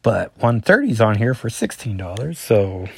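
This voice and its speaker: A man's voice: fairly low pitch, very animated, moderate pace, creaky, slightly rough, no room sound. A man, a father, reviewing a comic book in a casual, rambling solo talk, full of fillers and self-corrections as he reads through the issue.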